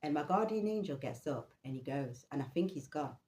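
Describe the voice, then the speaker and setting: Low-voiced woman telling a story. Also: fairly quick, roomy sound. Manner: animated, swears casually. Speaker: vlogger. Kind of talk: personal storytelling.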